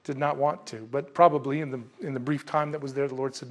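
A man preaching an expository sermon in a conversational, animated way, acting out the scenes he describes. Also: mid-range voice, fast. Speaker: pastor.

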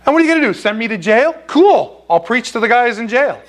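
Man, high-pitched voice, blunt preacher, rhetorical questions, impassioned sermon. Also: very animated, brisk. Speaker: pastor. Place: air-conditioned church.

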